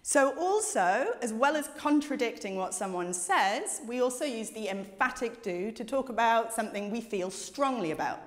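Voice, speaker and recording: A woman teaching an English lesson, explaining grammar clearly with examples. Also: a little high, expressive, moderate pace, hardly any pauses. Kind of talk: scripted language lesson. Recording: reverberant room.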